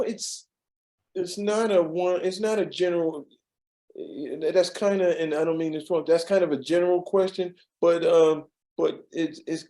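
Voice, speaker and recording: In a storytelling interview, a man with a fairly high, dark-toned voice recounts his years as a studio assistant, rambling with frequent fillers and restarts. The recording quality is low.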